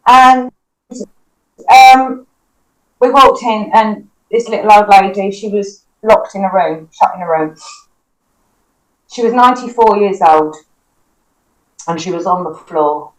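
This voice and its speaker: A woman's voice: mid-range voice, slow pace, pauses often, low-quality recording. A woman, a paramedic, recounting a personal experience in an interview with vivid, emotional retelling and quoted dialogue. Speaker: paramedic guest. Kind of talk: personal storytelling in a podcast interview.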